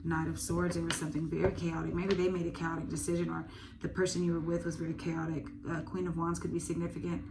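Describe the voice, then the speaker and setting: A woman's voice: fairly low pitch, level tone, quick pace, gravelly, noisy background. A woman giving a casual tarot reading, thinking aloud with lots of fillers and the odd swear word. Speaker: tarot reader.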